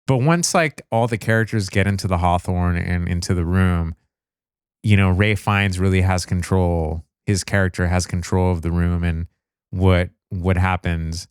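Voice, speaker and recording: A man chats casually on a podcast, relaxed and unhurried, with "you know" fillers. His voice is very deep, smooth and clear. The recording is dry and close-miked. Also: dry recording. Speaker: podcast co-host. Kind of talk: casual movie review chat.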